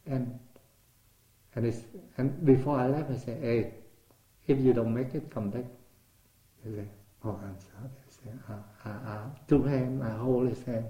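A man's voice: medium pitch, a little slow, long pauses. Older Vietnamese-accented man telling stories. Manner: animated, acts out remembered dialogue, repeats words while searching. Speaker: interviewee. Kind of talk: storytelling in conversation. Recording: roomy echo.

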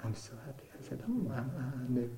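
A man's voice: mid-range voice, expressive, fast, dark tone. An older man from Vietnam with a Vietnamese accent, speaking English as a second language. He tells his life story in conversation, acting out remembered dialogue and repeating words as he searches for them. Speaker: interviewee. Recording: roomy echo.

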